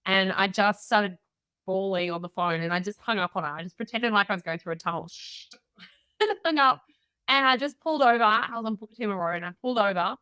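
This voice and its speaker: A middle-aged Australian woman with a bright, forward voice tells candid stories on a podcast interview, acting out what others said to her. The sound is dry and close, with no room around it. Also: medium pitch, a little fast, clear, resonant tone, dry recording. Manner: candid, animated storyteller acting out quoted voices. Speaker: guest entrepreneur.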